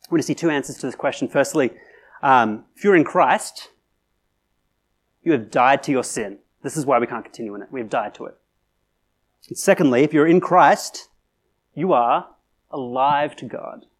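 A man's voice: medium pitch, expressive, normal speed, pauses often. A man preaching a sermon in a conversational way, with fillers and restarts, building to emphatic peaks. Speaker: pastor.

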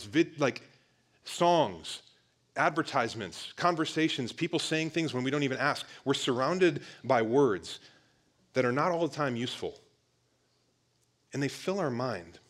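A man's voice: medium pitch, a bit bright. Casual man preaching a sermon. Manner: conversational, repeatedly addresses listeners as "guys" with frequent restarts.

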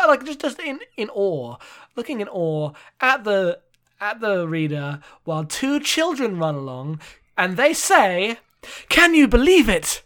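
A co-host with a mid-pitched voice, talking through a comic with sarcastic, animated energy. Swearing comes easily, and laughs break in often. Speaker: podcast co-host. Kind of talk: casual comic recap chat.

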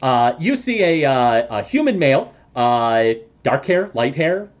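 A man's voice: mid-range voice, very animated, a little slow, muffled recording. A man narrating as game master of a tabletop game, hesitant with many fillers and jokes.

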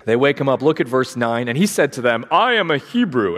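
A man's voice: mid-range voice, very animated, a little fast, a bit bright. A man preaching a sermon as pastor, storytelling with energy and acting out the quotes in changing voices. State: sleep deprived. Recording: long hall reverb.

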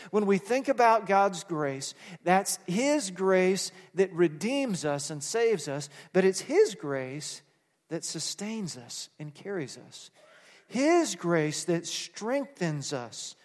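A male pastor preaches in a church sanctuary, his fairly high voice swelling into emphatic, repeated phrases and calls for the congregation to answer back. The sound carries a long hall reverb. He shifts between quiet prayer and forceful declarations. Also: sing-song, takes it slowly. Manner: preaching with rising emphatic bursts and call-and-response. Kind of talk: sermon.

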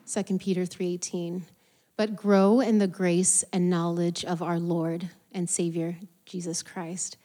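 A woman reading scripture aloud in a steady, measured way before a sermon. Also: fairly low pitch. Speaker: scripture reader.

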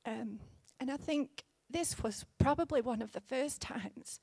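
A woman in her thirties preaching a sermon in an earnest, gently conversational way, with fillers here and there. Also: high-pitched, measured pace, gravelly, few pauses, slightly rough, no room sound.

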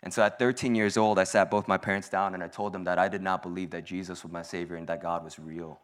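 A man's voice: deep voice, little pitch movement, fast talker. A young man giving a casual, humorous sermon at a church service, self-deprecating and chatty, with lots of "like"s. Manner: self-deprecating, joking, conversational with many "like"s.

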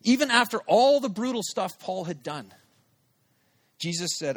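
A man's voice: high-pitched, a little slow. A male pastor preaching a sermon, telling a personal story and acting out his own thoughts aloud. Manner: animated, acts out his own inner thoughts. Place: church service held in a theater.

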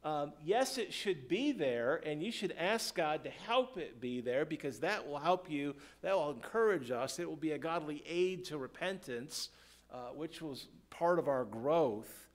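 Pastor, male, preaching in church; voice a bit high, call-and-response delivery, dynamic from soft to loud. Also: lively intonation. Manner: swings from quiet, slow prayerful passages to loud emphatic points. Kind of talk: sermon.

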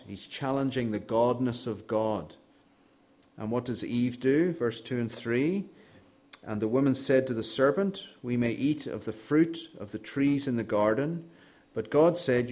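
A man's voice: medium pitch, darkish tone. A man preaching an expository sermon, earnest and emphatic, with a dry sense of humor.

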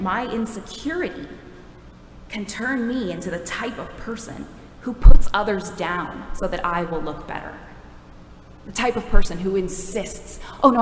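A woman's voice: mid-range voice, a little hiss or hum. A woman preaching a sermon in a conversational, wry, self-deprecating way. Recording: echoey hall from a distance.

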